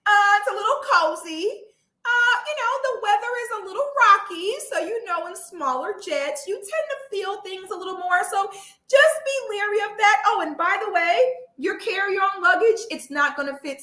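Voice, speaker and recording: A woman's voice: very high-pitched, very animated, normal speed, sharp tone, voice pushed up, full character voice. Woman as a folksy, chatty gate agent, roomy echo. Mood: warning.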